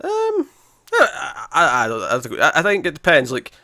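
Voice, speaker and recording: A man's voice: on the high side, wildly swooping pitch, normal speed, vocal fry, pushed and bright, no echo, studio quality. A man co-hosting a podcast in casual chat, rambling with lots of restarts and frequent laughs. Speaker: podcast co-host.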